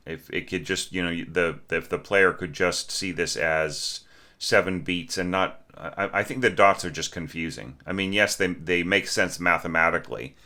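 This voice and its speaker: A man's voice: sits low, normal speed, bright, forceful tone. A man giving a conversational critique of a student's orchestral score, asking questions and singing short notes to make his points. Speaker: orchestration teacher.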